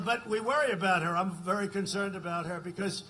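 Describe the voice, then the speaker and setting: A man with a high voice talks a little fast, his tone pushed and bright, with slight noise in the background. He's giving a rambling, repetitive rally speech, frequently checking in with the crowd by asking "right?"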